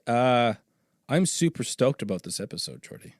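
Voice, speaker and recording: A man hosts a podcast in loose, joking chat, and his pitch jumps all over as he goes. He swears freely and laughs a lot. The sound is dry and close, with little room in it. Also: expressive, moderate pace, a little mellow, no echo. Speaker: podcast host. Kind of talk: casual chat. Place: small home podcast studio.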